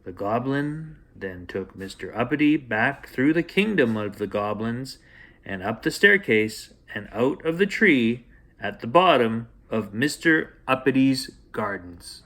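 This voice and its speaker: A man hosting and reading a bedtime story aloud in a gentle, playful way for children. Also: mid-range voice, expressive, a little slow. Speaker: storyteller host.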